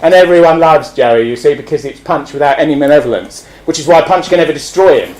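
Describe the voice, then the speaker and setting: Animated man giving a speech. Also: on the high side, fast, reverberant, poor audio. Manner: animated, acting out scenes with laughter. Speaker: speaker. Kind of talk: public speech.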